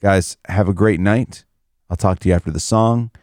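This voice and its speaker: A man's voice: low-pitched, normal speed, darkish tone, no room sound, studio quality. A man hosting a podcast in loose, casual chat, swearing now and then. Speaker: podcast host.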